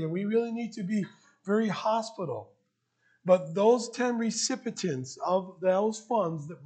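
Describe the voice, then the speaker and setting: A man's voice: high voice, a little mellow. A man preaching a sermon to his church, earnest and openly emotional, building to emphatic rising questions. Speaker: pastor. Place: church sanctuary.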